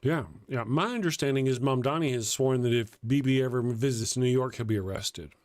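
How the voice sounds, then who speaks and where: A man's voice: medium pitch, fairly quick, darkish tone, no echo, studio quality. A man co-hosting a live talk show, chatting casually about politics, sardonic and profane, thanking viewers from the chat. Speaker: co-host of a call-in show.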